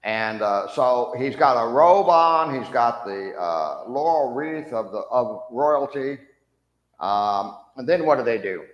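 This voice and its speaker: A man's voice: medium pitch, slow, lo-fi sound. A man leading a church Bible class, questioning the class and acting out the lines of the people in the story he teaches. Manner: animated, acts out mocking soldiers' voices, asks the class questions. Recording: echoey room with long reverb.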